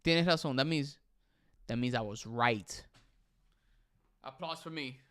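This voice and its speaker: A man's voice: medium pitch, unhurried, fairly bright tone, no room sound, studio quality. A young man hosting a casual livestream, chatting with viewers and reading their comments, switching between English and Spanish. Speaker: livestream host.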